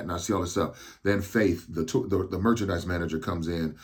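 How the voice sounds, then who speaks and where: A man in his thirties, hosting a podcast, tells a personal story slowly and haltingly because he is on medication, with frequent restarts. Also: low voice, steady tone, slightly rough. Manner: slow, halting delivery with restarts. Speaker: podcast host.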